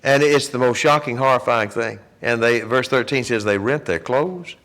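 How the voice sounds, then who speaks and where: A man teaching a Bible class in a church, retelling the story in a lively way and acting out the people's words. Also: medium pitch, normal speed.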